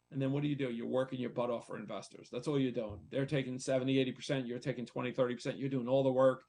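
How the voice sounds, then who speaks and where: A man's voice: mid-range voice, steady tone, fast talker, few pauses, a little mellow. A man, a real estate investor and coach, speaking candidly and conversationally on a talk show, repeating himself as he tells a personal story. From United States.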